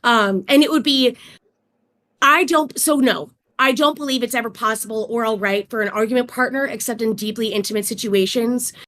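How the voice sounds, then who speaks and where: A woman speaking as a panel guest in an online debate, making her points in a measured, articulate way and listing them one by one. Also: a little high, fairly bright tone.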